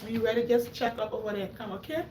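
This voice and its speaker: A woman from Africa, hosting a livestream and telling a story in an animated way, laughing often and acting out quotes. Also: on the high side, very fast, roomy sound. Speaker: livestream host. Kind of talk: animated storytelling to a live audience.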